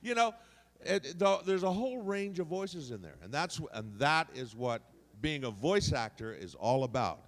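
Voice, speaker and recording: Man, convention panelist, lively sing-song delivery, long hall reverb. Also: fairly high pitch, normal speed. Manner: animated, demonstrates voices by moving resonance around. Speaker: voice actor panelist.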